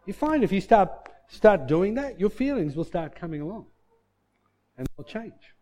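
A man pastor preaching a sermon, asking the congregation questions and answering them himself, and dropping to a soft, low voice for heartfelt points. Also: very animated, moderate pace.

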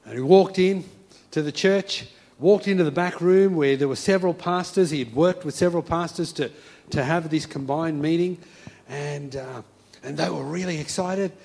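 A man delivers a sermon in a fervent storytelling manner. His voice sits slightly on the high side, and he drives his points home by repeating them with conviction. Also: normal speed, vocal fry, darkish tone. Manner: fervent storytelling with emphatic repetition. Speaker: preacher.

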